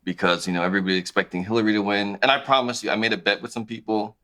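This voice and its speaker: A man in his thirties, a podcast guest talking about his clothing brand in a relaxed, conversational way. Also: fairly low pitch, very fast. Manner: relaxed, conversational, thinks aloud with restarts. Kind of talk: casual interview chat.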